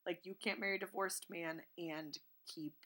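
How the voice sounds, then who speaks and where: A talkative woman co-hosting a casual podcast, with a bright, forward tone. She tells stories with lots of energy and acts out other people's lines in playful voices. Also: lowish voice, normal speed. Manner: chatty, animated, acts out quotes in silly voices. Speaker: podcast co-host. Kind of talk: casual chat.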